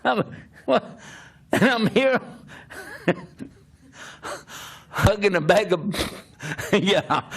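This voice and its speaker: An older man, a preacher, telling a humorous personal story in an animated, self-mocking way, often laughing as he talks. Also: high voice, extremely slow, vocal fry, pauses often.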